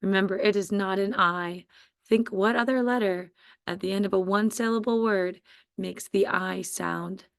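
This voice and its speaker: A woman teacher giving a slow, patient spelling dictation to first graders. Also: mid-range voice, fairly even intonation, vocal fry, clear, resonant tone, no echo, clean studio sound. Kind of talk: spelling quiz dictation for young students.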